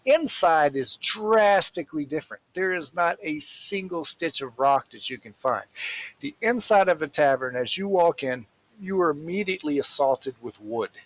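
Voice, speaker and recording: A man narrating a tabletop role-playing game as game master, in a slow, rambling, casual way with fillers. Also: a little high, animated, fairly bright tone, low-quality recording.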